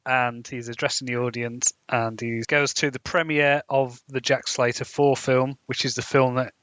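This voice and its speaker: A man's voice: mid-range voice, level tone, normal speed, fairly bright tone, dry recording. A man co-hosting a podcast who chips in with short plot summaries and dry asides in casual chat. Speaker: podcast co-host. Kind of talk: casual film review chat. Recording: dry, dull lo-fi podcast mic.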